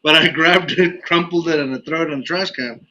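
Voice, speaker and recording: A man hosting a podcast, telling a story in an animated, casual way and laughing often. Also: fairly high pitch, brisk, slight background noise. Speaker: podcast host. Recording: dull lo-fi audio.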